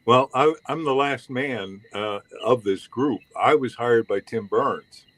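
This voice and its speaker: An older man, a former radio DJ, recalling his years on air in a measured, unhurried way. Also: mid-range voice, fairly bright tone, no echo, poor audio. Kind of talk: casual reminiscing chat.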